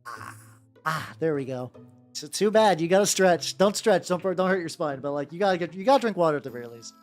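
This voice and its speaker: A woman with a lowish voice that swings up and down a lot, chatting casually to her livestream audience as she paints. She rambles, restarts, swears freely and calls out viewers by name. Faint music plays in the background. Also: lively intonation, fairly quick, darkish tone. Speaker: streamer painting miniatures.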